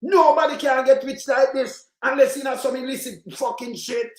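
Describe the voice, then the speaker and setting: A man's voice: very high voice, steady tone, normal speed. A man with a Jamaican accent hosting his own channel, ranting angrily about politics in a rambling, patois-laced way and swearing often. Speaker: channel host. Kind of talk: heated political rant. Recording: roomy echoey sound.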